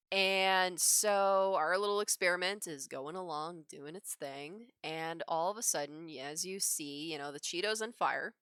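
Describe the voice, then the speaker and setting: Lively woman streamer, swinging intonation, dry close sound, chatty story while she draws. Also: deep voice, dry recording. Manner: animated, laughs often between phrases. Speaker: livestreaming digital artist. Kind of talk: casual storytelling while drawing. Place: home drawing setup.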